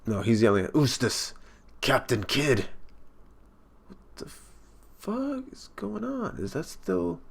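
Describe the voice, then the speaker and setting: A man reacting live to a comic chapter, excited and swearing freely as he thinks out loud. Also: mid-range voice, slow pace, creaky, pauses often, breathy edge. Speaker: manga reaction streamer.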